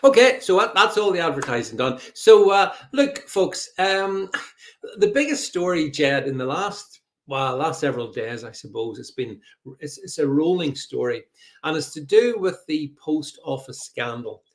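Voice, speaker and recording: A middle-aged man hosts a live podcast in a loose, chatty way. He has a fairly high voice for a man and stumbles through plenty of fillers as he reads out viewers' comments. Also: lively intonation, moderate pace. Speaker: podcast host. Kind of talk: live podcast chat with co-host.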